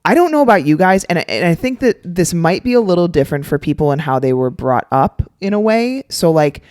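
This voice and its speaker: A woman's voice: fairly low pitch, very animated, a little fast, a little mellow, dry recording. Chatty woman, dry close sound. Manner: rambling, lots of fillers and restarts. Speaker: podcast co-host. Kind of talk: casual podcast chat.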